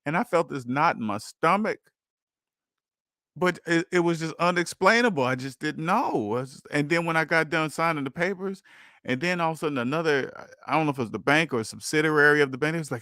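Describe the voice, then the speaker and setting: A man hosting a casual monologue, animated and laughing, acting out mock voices and firing rhetorical questions. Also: a little high, quick pace, no room sound, clean studio sound. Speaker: host.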